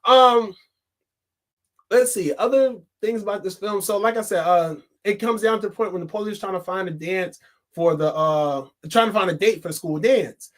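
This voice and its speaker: A man with a high-pitched voice talks through a casual film review. He rambles loosely, packing his sentences with fillers and laughing often as he goes. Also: normal speed, a bit bright. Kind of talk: casual spoken movie review.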